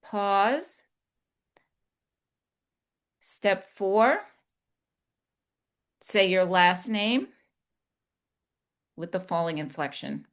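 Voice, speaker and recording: A woman communication coach giving a deliberate instructional talk, demonstrating inflection as she goes. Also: fairly low pitch, expressive, fairly bright tone.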